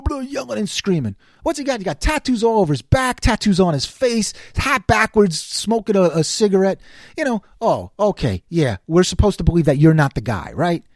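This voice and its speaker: A man's voice: high voice, dry recording, clean studio sound. An older man from the New York City area, ranting and complaining in a casual, sarcastic monologue. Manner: animated, sarcastic, exasperated complaining. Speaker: commentary show host.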